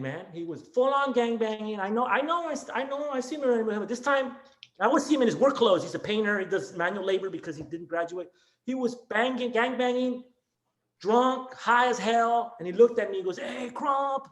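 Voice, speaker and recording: A man's high-sitting voice echoes in a reverberant space. He's an elementary school teacher in a video-call class discussion, speaking with raw emotion, rambling, restarting, and sprinkling in "man" and "dude."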